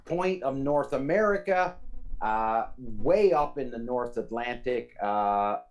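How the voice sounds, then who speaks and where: A man's voice: mid-range voice, animated, slow pace, muffled recording. Chatty man from Newfoundland. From Newfoundland, Canada. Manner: chatty, rambling with fillers. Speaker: podcast co-host. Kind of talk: casual chat. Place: remote call from home.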